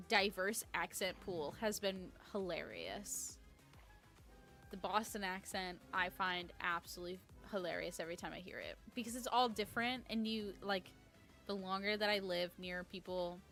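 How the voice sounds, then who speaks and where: A New York woman streams a game live and chats casually with her viewers, rambling and sprinkling in plenty of "like." Her voice sits in the mid-range and sounds a bit bright.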